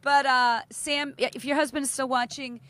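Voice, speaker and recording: A woman's voice: high-pitched, flat delivery, normal speed, a bit bright. A middle-aged woman, co-hosting a casual podcast chat and telling stories, acting out quotes and swearing freely. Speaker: podcast co-host.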